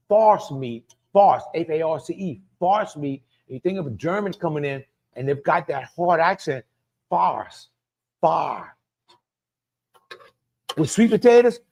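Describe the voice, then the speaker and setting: Man, Cajun accent, fairly high voice, live cooking demo, chatty and repetitive. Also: a little mellow. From Louisiana. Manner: chatty, repeats himself, talks to viewers by name. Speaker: cooking show host.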